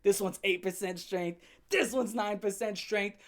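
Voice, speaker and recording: A man's voice: high voice, measured pace. Young man telling a wild story, laughing. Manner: animated, laughs often, swears casually. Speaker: storyteller host. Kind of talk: comedic storytime vlog.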